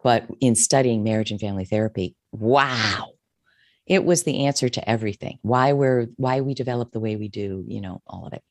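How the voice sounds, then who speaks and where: A woman's voice: a bass voice, a little fast, dry recording. Dry-sounding emotional woman telling her story. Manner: emotional, expressive, restarts often. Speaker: therapist and coach, author. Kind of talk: candid interview storytelling.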